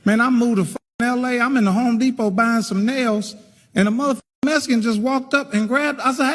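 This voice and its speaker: A man's voice: very high-pitched, steady tone, brisk, fairly bright tone, big-room sound, a little hiss or hum. A man doing a stand-up routine with brash, profane storytelling. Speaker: stand-up comedian.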